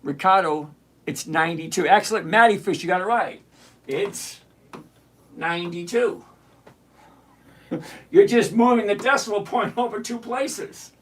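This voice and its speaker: High-voiced man hosting a live trading stream. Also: fairly bright tone. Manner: chatty, teasing, greets viewers by name, slows down to explain. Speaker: livestream trading show host. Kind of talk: live-stream chat answering viewer comments.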